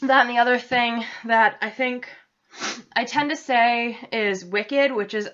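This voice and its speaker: A woman's voice: on the high side, fairly even intonation, unhurried, a bit bright. A young woman from central Massachusetts with a New England accent, chatting and rambling casually to her laptop camera in a self-deprecating way. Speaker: vlogger. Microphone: laptop webcam. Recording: dull lo-fi laptop audio.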